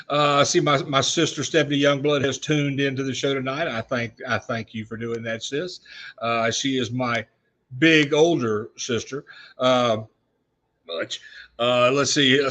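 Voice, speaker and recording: A man's voice: medium pitch, bright, forceful tone. A middle-aged man hosting a casual live-stream chat show from his workshop. He rambles, with lots of "uh" and restarts, and he keeps fighting off a cough. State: coughing spells. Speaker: show host.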